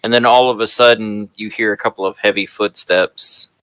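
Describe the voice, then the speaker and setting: A woman running a tabletop game as game master, narrating in a relaxed, casual way. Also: rumbling low, normal speed, clean tone, no echo.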